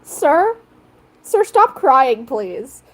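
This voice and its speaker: A woman's voice: high voice, very animated, drawn-out words, full character voice. A woman voicing a puzzled female cat who keeps pleading with a crying companion to stop.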